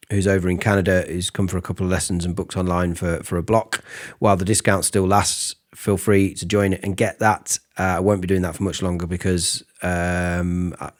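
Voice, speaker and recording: A man giving a casual singing lesson, explaining vocal technique between falsetto sung examples. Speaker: singing teacher.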